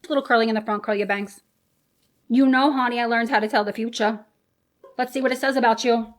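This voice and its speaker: A woman's voice: a little high, steady tone, quick pace, pitched above the performer's own voice, lightly acted. A woman playing a chatty salon hairdresser. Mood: fussing. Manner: coddling, calls everyone honey. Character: chatty adult woman hairdresser fussing over a client. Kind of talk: comedy sketch.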